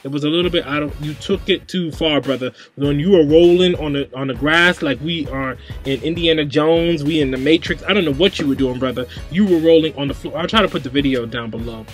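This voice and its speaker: A man's voice: a little high, brisk, few pauses, faint music behind. A young man hosting his own vlog, ranting casually to camera, agitated and rambling, often repeating himself. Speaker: vlogger host.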